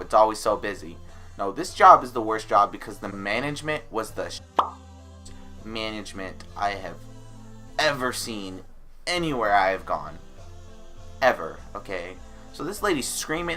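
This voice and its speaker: A young man casually telling an animated story about a bad job, acting out the people he quotes. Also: mid-range voice. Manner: animated, acts out voices of coworkers. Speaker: vlogger.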